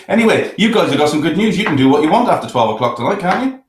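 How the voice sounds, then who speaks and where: A man's voice: fairly high pitch, big pitch swings, racing, hardly any pauses, echoey room. A man co-hosting a football podcast, joking and bantering. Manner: jokey, banter-loving. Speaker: podcast co-host.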